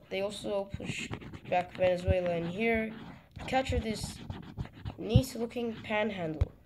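A man from Turkey narrates a map animation in a relaxed, unhurried way. He rambles, jokes and corrects himself as he goes. Steady background noise and clicks run under the voice. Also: sits high. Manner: rambling, jokey, self-correcting. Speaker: mapping video narrator. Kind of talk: casual voice-over commentary on a map animation. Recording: noisy home recording with clicks.

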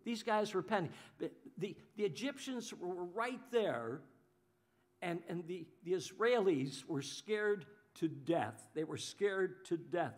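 A man preaching a sermon as pastor, animated, often voicing the people he talks about and repeating his words. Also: high voice, slow.

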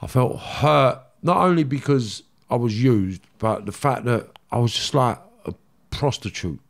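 A man's voice: medium pitch, measured pace, gravelly. Middle-aged London man, ex-gangster interview guest, blunt, raw and emotional. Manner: emotional, blunt, swears freely, acts out dialogue. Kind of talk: candid interview storytelling.

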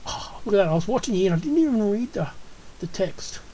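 A woman's voice: mid-range voice, animated, fast talker, mellow, low-quality recording. An Australian woman hosting a gaming channel, chatting casually through her gameplay and coaxing the animals she tames in a cooing, friendly way.

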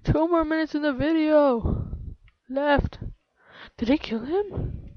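A woman giving excitable, playful live gameplay commentary, sometimes slipping into baby talk, close to her microphone. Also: sits high, slow, no room sound. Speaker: let's play gamer. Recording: dull lo-fi home mic.

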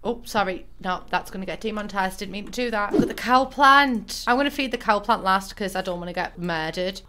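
A woman's voice: medium pitch, fast talker, a bit bright, a little hiss or hum. Chatty Northern English woman gamer. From northern England. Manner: chatty, playful, jokey asides to the viewer. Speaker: gaming YouTuber. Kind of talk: casual let's-play commentary.

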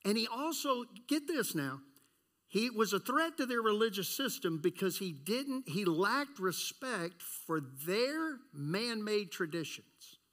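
A man preaching a sermon as pastor, animated, acting out voices and asking the congregation questions. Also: high-pitched, slow.

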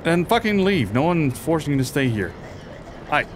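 A man commentating his own gameplay in a casual, profane and excitable way, reacting aloud to the game. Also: on the high side, moderate pace, a little hiss or hum. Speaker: gaming video host. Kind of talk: casual let's play commentary.

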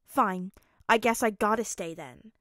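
Woman putting on a brash little boy who scolds and bosses everyone around, loud and gruff, in a fanfic audiobook. the reading is dry and close up. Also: mid-range voice, a little slow, dry recording. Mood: bossy. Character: de-aged little boy, grumpy, bossy and brash.

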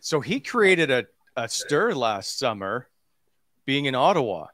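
A man's voice: mid-range voice, big pitch swings, measured pace, a bit bright, a little hiss or hum. A man hosting the podcast, casually asking the guest questions. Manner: asks questions and sets up stories. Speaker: podcast host. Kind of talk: casual interview chat.

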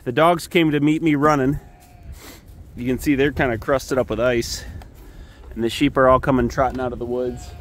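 A man's voice: mid-range voice, steady tone, normal speed. A man casually talking through a farm vlog outdoors in the wind, rambling and self-deprecating as he films his animals on a handheld camera. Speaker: farmer filming his animals.

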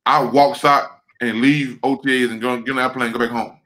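Poor audio captures a man, once a football lineman, recounting a story on a video call with heavy swearing and words said over and over. He's animated, fairly quick, and mid-range in pitch.

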